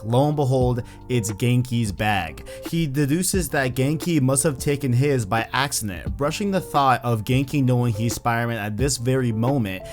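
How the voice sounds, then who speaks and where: A man hosting a video who recaps a story in a casual, conversational way, speaking straight to his viewers. His voice sits in the middle of the range. Soft music plays quietly underneath. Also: medium pitch. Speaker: video host. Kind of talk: casual book recap commentary.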